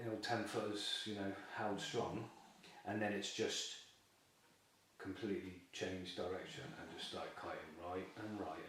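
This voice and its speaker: A man, a carp angler on a fishing team, telling a story in a chatty, lively way and laughing often. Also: lowish voice, recorded from a distance. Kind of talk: casual storytelling in an interview. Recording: very echoey room, voice off-mic with faint noise.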